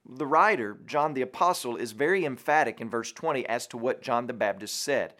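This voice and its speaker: A man's voice: medium pitch, expressive, a little fast, hardly any pauses, a bit bright. A man delivering a short devotional sermon as a radio preacher, earnest and emphatic, stacking rhetorical questions.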